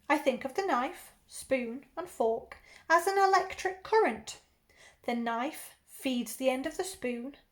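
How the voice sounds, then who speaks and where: An English teacher reading a children's novel aloud in the first person, expressive and even, doing accents for the characters. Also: female voice, high-pitched.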